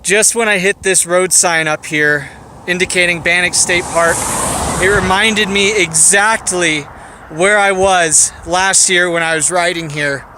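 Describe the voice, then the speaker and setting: A man narrating his bicycle tour in a casual, excitable vlog, talking to the camera outdoors on a mountain route. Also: high-pitched, unhurried, background noise. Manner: excitable, chatty storyteller. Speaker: bicycle touring vlogger.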